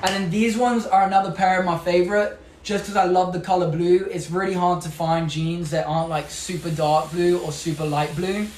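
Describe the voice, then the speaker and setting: Young British male streamer, high-pitched and upbeat, echoey room, faint room noise. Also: steady tone, normal speed, few pauses, a little mellow. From England. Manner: chatty, upbeat, reads out and answers viewer comments. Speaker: livestream host. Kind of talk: casual live-stream product showcase.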